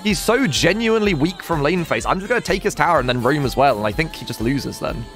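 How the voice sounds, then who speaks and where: A man's voice: fairly high pitch, lively intonation, fast talker, over music. A young man streaming a video game, commentating casually, swearing and laughing as he talks to chat and teammates.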